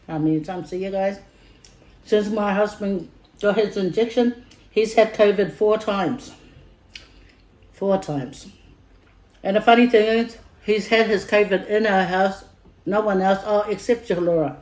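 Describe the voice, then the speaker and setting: Her voice is medium-pitched and a little dark, fairly even in intonation, somewhat slow, with long pauses. A middle-aged vlogger with a Samoan accent, she rambles through a family tale for viewers, repeating words, using many fillers, and heating up as she retells it; the room echoes and faint music is audible.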